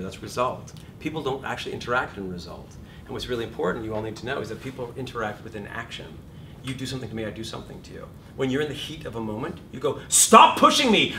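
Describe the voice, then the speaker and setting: A middle-aged man teaching an acting class in a lively, profane manner, acting out shouted examples. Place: classroom or studio. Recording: distant room recording with background rumble.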